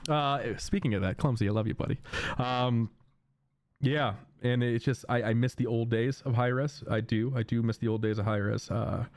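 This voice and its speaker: A man streams to his viewers at normal speed in a loose, rambling chat. He repeats himself often and bursts into loud, high, excited laughter.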